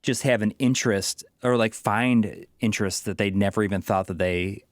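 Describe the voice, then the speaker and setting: A man's voice: lowish voice, normal speed, no echo, studio quality. A tipsy man co-hosting a podcast, musing in a loose, rambling way during casual chat over what sounds like a video call. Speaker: podcast co-host.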